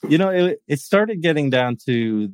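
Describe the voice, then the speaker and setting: A man's voice: a little high, animated, normal speed, no echo. A man hosting a podcast, talking casually in a rambling way with many restarts. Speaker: podcast host. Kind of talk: casual chat.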